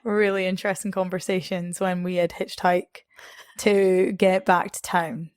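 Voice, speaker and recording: A woman's voice: on the low side, little pitch movement, a little slow, smooth, no room sound, studio quality. A young Scottish woman, a podcast guest, telling travel stories in a chatty way, laughing often and acting out what others said. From Scotland. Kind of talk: casual storytelling interview.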